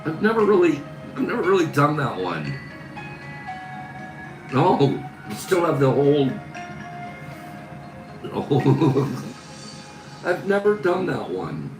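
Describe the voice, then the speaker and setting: A man's voice: a little high, wildly swooping pitch, slow, long pauses. A man hosting a casual live stream, reading viewer comments aloud and laughing constantly. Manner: laughs constantly, giggly and teasing. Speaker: livestream host. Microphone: phone camera. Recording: echoey room with music behind.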